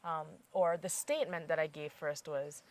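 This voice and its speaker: A woman's voice: low voice, steady tone, moderate pace. A young adult woman hosting an instructional podcast, patiently quizzing listeners with repeated examples as a language teacher. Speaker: Mandarin teacher and podcast host.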